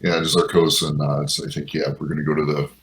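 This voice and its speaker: Very deep, flat-voiced man playing a tabletop game. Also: fairly quick, a little hiss or hum. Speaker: player. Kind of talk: casual tabletop game chat.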